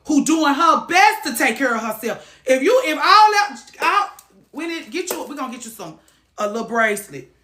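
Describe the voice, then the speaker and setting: A woman hosting a talk show, giving animated, profane advice that swings from loud outbursts to low muttering. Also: normal speed. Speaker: host. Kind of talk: lively advice talk to a caller. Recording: echoey room.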